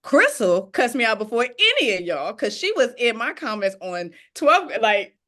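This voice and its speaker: A woman's voice: fairly high pitch, sing-song, moderate pace, fairly bright tone. A woman host chatting playfully over a video call, hyping up her audience and reading out their questions. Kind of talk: casual chat.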